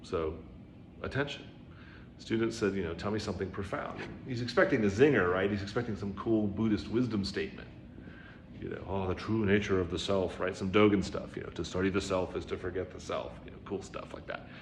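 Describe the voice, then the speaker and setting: In a deep voice and at a fairly quick clip, a man delivers a conversational Zen dharma talk peppered with "right?" and "you know" asides. He gets louder to perform quoted lines, and the room echoes a bit with faint noise behind him.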